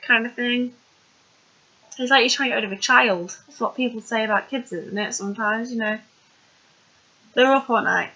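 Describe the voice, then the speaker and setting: A woman's voice: a little high, fairly even intonation, normal speed, pauses often, bright, forceful tone, muffled recording. A woman casually recapping a TV episode, chatty and rambling with plenty of fillers.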